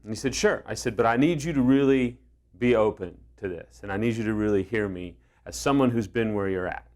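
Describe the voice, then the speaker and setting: A man's voice: fairly low pitch, a little fast, a little mellow. A man coaching on affair recovery, talking earnestly and telling stories with acted-out dialogue. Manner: earnest, storytelling, acts out quoted dialogue. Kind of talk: direct-to-camera advice talk.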